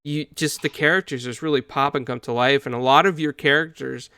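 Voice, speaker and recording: A man's voice: medium pitch, steady tone, a little fast, bright, forceful tone, clear, resonant tone, no echo, clean studio sound. A man hosting a casual interview, enthusiastic and a little rambling. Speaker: host.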